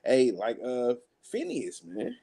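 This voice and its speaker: A man with a mellow, warm voice talks through scripture in relaxed slang. He laughs easily and keeps the tone loose and conversational. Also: medium pitch, slow, gravelly, breathy edge. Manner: laid-back slangy talk, laughs between points. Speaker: Bible study participant. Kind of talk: casual scripture discussion.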